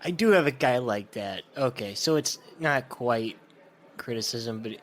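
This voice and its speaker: A man's voice: medium pitch, expressive, a little slow. A man co-hosting a podcast, dropping short dry jokes into casual chat and laughing often. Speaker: podcast co-host.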